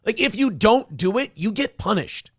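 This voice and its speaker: A man's voice: high-pitched, very animated, normal speed, fairly bright tone, no echo, clean studio sound. A man hosting a casual morning talk show, sarcastic and opinionated, swearing freely.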